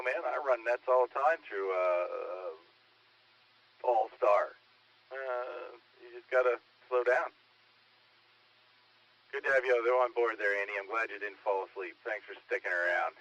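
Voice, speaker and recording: A man's voice: mid-range voice, fairly bright tone, no echo, low-quality recording. A laid-back man serving as net control on a ham radio net, reading out call signs.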